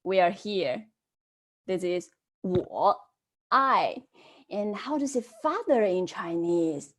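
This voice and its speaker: A Chinese language teacher leads an online class at an unhurried pace, her sing-song voice swinging widely in pitch. She models each word and then prompts the class to try saying it themselves.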